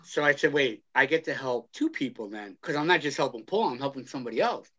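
A man, telling a story as a guest in an interview, in a blunt, animated way with a lot of swearing. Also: medium pitch, fast talker, husky. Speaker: guest, first responder and activist. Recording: dull lo-fi audio.

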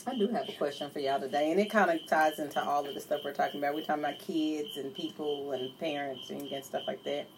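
A woman with a fairly low voice, talking in a relaxed, thoughtful manner. There is faint noise in the background. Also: fast, gravelly, few pauses. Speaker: podcast co-host. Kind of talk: casual chat.

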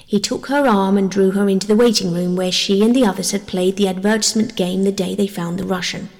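Woman reading a sleepy story, bit of fry in her voice, long echo. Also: mid-range voice, fairly even intonation, fairly quick, darkish tone. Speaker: audiobook narrator. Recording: long hall reverb.

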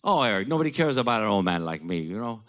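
A man's voice: lowish voice, very animated, quick pace, fairly bright tone. Man putting on a whiny frail old father. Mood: wheedling. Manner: whiny, pleading, repeats himself. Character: frail elderly father, weary, pleading, stubborn.

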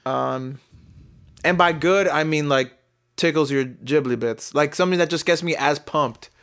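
A man's voice: a little high, unhurried, fairly bright tone, clean tone. Giggly young man chatting on a podcast. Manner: giggly, laughs often while joking. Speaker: podcast co-host. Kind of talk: casual podcast chat.

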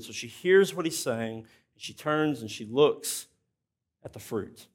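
A man's voice: a little high, animated, a little slow. A man preaching a sermon as pastor, plainspoken and conversational, often restarting his sentences.

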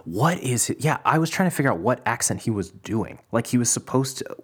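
A man's voice: medium pitch, lively intonation, brisk, slightly rough. A man co-hosting a podcast, talking casually and ramblingly about a movie with frequent laughs and restarts. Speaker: podcast co-host. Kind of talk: casual film review chat.

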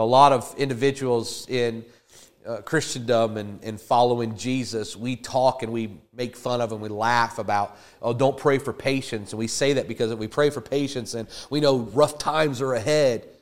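A man's voice: mid-range voice, moderate pace. Fervent male preacher. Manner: emphatic, rising to fervent repetition. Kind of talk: sermon.

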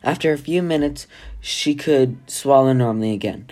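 A reader narrating a novel aloud in a plain, steady way, now and then restarting a phrase after a slip. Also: medium pitch, normal speed. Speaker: audiobook reader. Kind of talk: amateur novel read-aloud.

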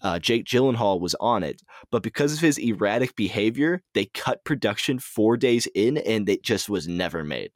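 A man's voice: lowish voice, expressive, moderate pace, few pauses, no room sound, clean studio sound. A man co-hosting a podcast, relaying movie news in casual chat, hesitant with lots of ums and restarts. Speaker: podcast co-host.

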